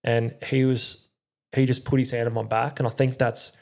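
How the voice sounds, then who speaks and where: A young man, a former soldier, telling his story in a candid interview, halting, with lots of fillers and swearing. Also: medium pitch, little pitch movement, vocal fry, darkish tone. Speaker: podcast guest, army veteran.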